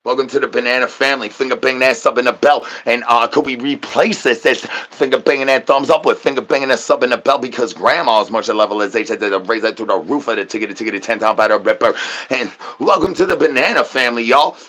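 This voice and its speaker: Husky man in rambling crude comedy patter. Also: mid-range voice, quick pace, a bit bright. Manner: crude, slangy, joking patter with playful repeated catchphrases. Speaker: comedic streamer host. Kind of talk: rambling absurd comedy monologue.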